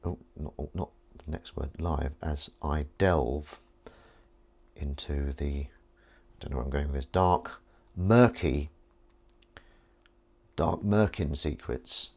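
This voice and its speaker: A man's voice: extremely low pitch, unhurried, darkish tone. A man hosting a live stream at home, talking in a rambling, playful, self-mocking way. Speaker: livestream host. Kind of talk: casual live-stream chat.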